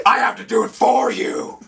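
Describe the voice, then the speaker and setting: A man's voice: very high-pitched, wildly swooping pitch, takes it slowly, gravelly, crowd noise. A man who is a podcast guest, bantering in a brash, profane, joking way.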